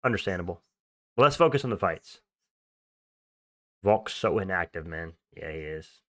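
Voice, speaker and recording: A man's voice: deep voice, animated, normal speed, a bit bright, dry recording. A young man hosting a livestream, chatting casually and answering viewer comments in slangy, offhand talk. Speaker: livestream host.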